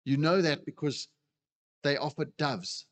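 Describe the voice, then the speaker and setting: A man preaching a sermon who acts out the voices he quotes with animated delivery. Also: on the high side, unhurried. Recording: long reverb of a hall.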